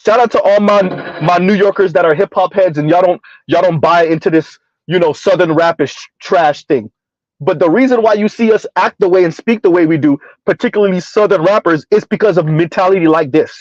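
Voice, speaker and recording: A man's voice: high-pitched, fairly quick, no room sound, highs cut off. A man from the US South giving sarcastic, mocking reaction commentary and reading out chat comments. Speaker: commentary streamer.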